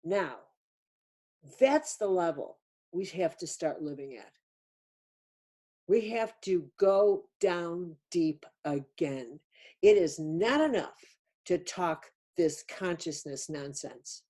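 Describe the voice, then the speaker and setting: A woman's voice: on the low side, expressive, slow pace, warm tone. An older woman giving a spiritual teaching talk on a webinar, emphatic and insistent, repeating key words. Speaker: speaker on a webinar.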